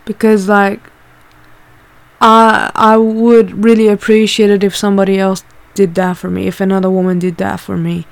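A woman's voice: mid-range voice, flat delivery, normal speed, vocal fry. Woman, casual personal storytelling, candid, swears often, filler-heavy.

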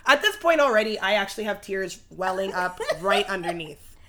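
A woman in her thirties telling a story in casual chat, laughing often and acting out other people's lines with big jumps in pitch. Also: lively intonation, normal speed, fairly bright tone. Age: 30s. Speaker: podcast guest telling a story.

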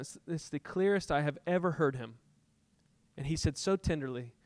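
A middle-aged man preaches a sermon, weaving a personal story and playing out his own heated exchanges with God. His voice sits a little high and swells into passionate peaks before dropping back to a softer tone. The recording is close and dry, with no room sound. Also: fairly quick, no room sound. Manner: storytelling, acts out dialogue with God, rising to impassioned peaks. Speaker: pastor.

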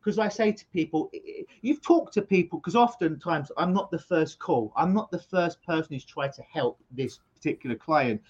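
Man, middle-aged, high-pitched voice, animated storyteller, lo-fi video call sound. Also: moderate pace, hardly any pauses, husky. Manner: energetic storyteller, repeats words when starting sentences. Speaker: hypnotist guest. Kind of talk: conversational interview explanation.

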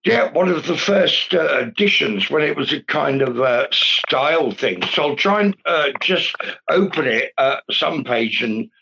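A man's voice: medium pitch, creaky, pushed and bright, lo-fi sound, a little hiss or hum. A man on a comedy panel who stammers and restarts, then reads aloud in a put-on accent. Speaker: panel guest.

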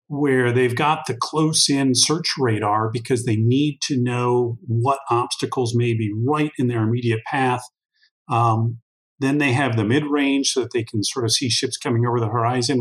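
Man, interview guest; mid-pitched, talks through ideas at length, plenty of restarts and "you know"s. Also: poor audio. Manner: thoughtful, long-winded, many restarts and fillers. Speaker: guest expert on workforce intelligence. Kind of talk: conversational interview answer.

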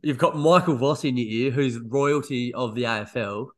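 A man hosting a podcast, chatting casually and cheering on his guest with quick agreement. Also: mid-range voice, a bit bright. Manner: encouraging, quick agreeing interjections. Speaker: podcast host. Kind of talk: casual interview chat.

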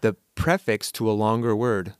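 A man's voice: on the low side, little pitch movement, clear, resonant tone, no room sound, clean studio sound. A man co-hosting a podcast in casual chat, making jokes and wry asides. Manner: joking, quick with wry asides. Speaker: podcast co-host.

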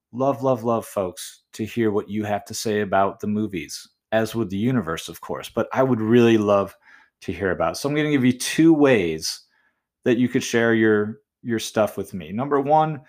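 A man's voice: lowish voice, expressive, moderate pace, a little mellow. A man hosting a movie essay podcast, thinking aloud through his writing choices and giving listeners friendly, encouraging tips. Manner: chatty and encouraging, addresses listeners as folks; muses aloud, weighing options with questions.

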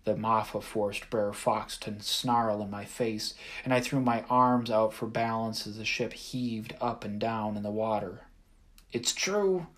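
Man narrating a story, measured. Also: lowish voice, level tone, fairly bright tone. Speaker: audiobook narrator. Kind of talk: first-person audiobook narration.

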